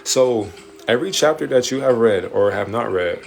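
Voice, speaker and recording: A man hosting a late-night livestream, preaching in an animated way with slangy street talk and swearing. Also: mid-range voice, normal speed, creaky. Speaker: livestream host answering viewer questions. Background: faint music playing in the background.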